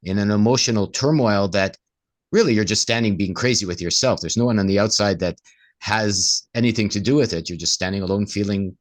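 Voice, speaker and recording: A man's voice: fairly low pitch, a little fast. A man, co-host of a casual discussion, who often acts out inner voices in quoted asides.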